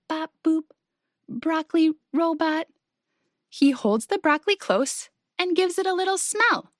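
A woman reading a children's story aloud in a gentle, sing-song way, speaking to young listeners. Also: sits high, dry recording, studio quality.

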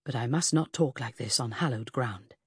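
A woman voicing a courteous, melancholy man, a former army officer, in a formal and gentle way. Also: mid-range voice, normal speed, breathy edge, no echo, studio quality, pitched below the performer's own voice.

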